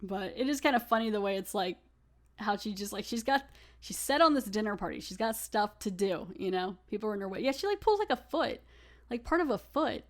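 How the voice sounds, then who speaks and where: Woman podcast host, chatty, amused, middle pitch, casual episode review. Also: expressive, fairly quick. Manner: chatty, amused, many fillers.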